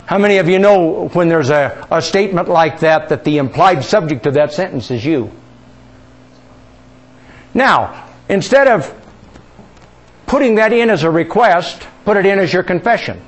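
Male pastor, sermon, animated and high, quizzes the congregation. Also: normal speed, pauses often. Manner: asks the congregation questions, leads them in reciting.

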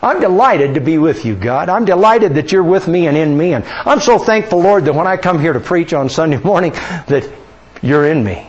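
A man's voice: fairly high pitch, expressive, normal speed, husky, muffled recording. A male pastor preaching a sermon in a church, conversational, with many rhetorical questions. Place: church sanctuary.

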